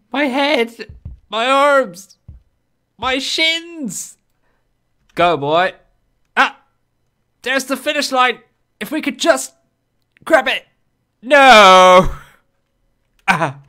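A man's voice: extremely high pitch, sharp tone. A man hosting his own gaming channel, giving playful, exclamatory commentary while he plays and talking to the game. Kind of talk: casual gameplay commentary.

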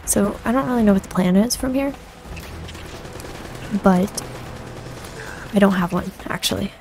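A woman's voice: medium pitch, measured pace, a little mellow, faint music behind. A woman giving let's play commentary while gaming, panicky and self-mocking, often repeating herself. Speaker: gaming streamer.

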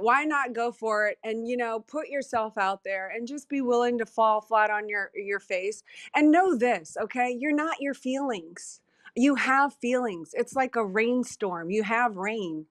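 A woman with a fairly high voice talks frankly and emphatically, laughing at herself and pushing through with motivational fire. Her sound is close and dry, with no room around it. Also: a little slow, no echo. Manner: emphatic, self-deprecating, animated. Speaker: guest. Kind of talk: candid motivational talk.

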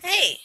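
A woman's voice: extremely high pitch, noisy background. A young woman playfully teasing and coaxing her small child at home while filming a casual vlog. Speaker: vlogger, mother. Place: home living room.

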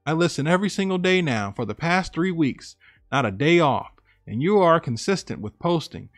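A man's voice: on the high side, sing-song, normal speed, no room sound. A man who hosts a story channel, reading a listener's story aloud and then commenting on it in a casual, emphatic way. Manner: casual, emphatic, reacts with disbelief. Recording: dry close mic with faint background music.

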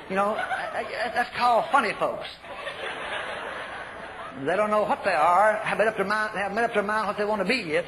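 An older man preaching a sermon, telling folksy stories and shouting commands. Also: high-pitched, normal speed. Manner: folksy storytelling, shouts commands, repeats phrases. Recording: echoey hall, faint noise.

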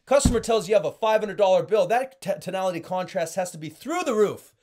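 A man coaching salespeople in an emphatic, animated way, often checking in with "okay?" and "right?". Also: high voice, fast talker. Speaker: sales trainer. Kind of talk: sales training talk.

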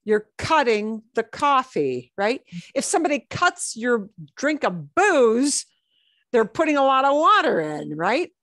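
A woman teaching a Spanish class, explaining phrases slowly and checking in with the class. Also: a little high, very animated, a bit bright, no room sound, studio quality. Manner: explains words slowly, with checks like "okay?" and "right?". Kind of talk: classroom explanation over a played lesson video.

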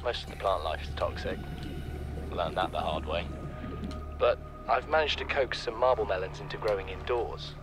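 An actor playing a young male scientist keeping an audio diary in a game, calm and reflective. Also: deep voice, normal speed. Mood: curious. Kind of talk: recorded in-game voice log. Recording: game audio with music underneath.

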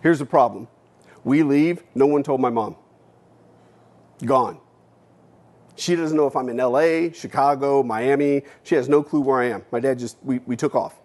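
A man's voice: mid-range voice, normal speed, long pauses. Dramatic man telling a personal story. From United States. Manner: dramatic, swings between hushed and emphatic, acts out his own past lines; blunt, with casual swearing. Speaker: keynote speaker. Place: stage at a university event.

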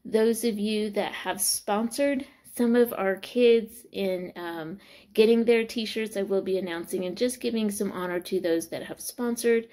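A woman in her forties, vlogging in an excited, exclamatory way with frequent laughter, filmed in a small corner of a room. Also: medium pitch, a little slow. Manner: bubbly, exclamatory, laughing often. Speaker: vlogger sharing faith and school news. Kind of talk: excited casual vlog testimony.

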